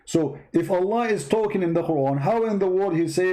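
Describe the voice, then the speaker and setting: A man's voice: sits high, brisk, few pauses, mellow, low-quality recording. A man from the Middle East hosting a religious debate video, giving a sarcastic, mocking comedic monologue.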